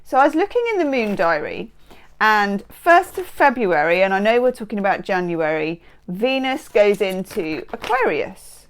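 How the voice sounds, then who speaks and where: A woman's voice: mid-range voice, big pitch swings, moderate pace. A woman giving a tarot card reading to camera, bubbly, playful and full of exclamations, speaking into a close microphone. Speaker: tarot reader.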